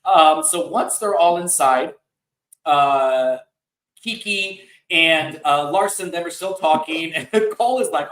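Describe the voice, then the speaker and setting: A man's voice: a little high, takes it slowly, a bit bright, echoey room, distant mic, poor audio. A man hosting a podcast, recapping a reality TV episode in a casual, gossipy way and laughing often. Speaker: podcast host.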